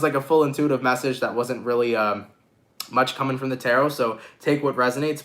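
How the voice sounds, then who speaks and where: A man giving a casual live-streamed tarot reading, expressive and swearing freely as he talks to viewers. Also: fairly high pitch. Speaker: tarot reader.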